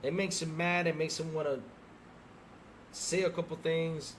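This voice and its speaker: A man's voice: fairly high pitch, little pitch movement, unhurried, slight background noise. A man co-hosting a gaming podcast, ranting heatedly and exasperatedly at his audience with rhetorical questions. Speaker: podcast co-host. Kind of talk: ranting livestream podcast talk.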